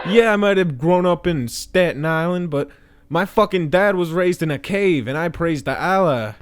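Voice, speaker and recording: A man voicing a loud, crude, boastful young man character in a stand-up comedy bit. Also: a little high, expressive, normal speed, lightly acted. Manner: ranting, crude. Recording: loud noise and clicks.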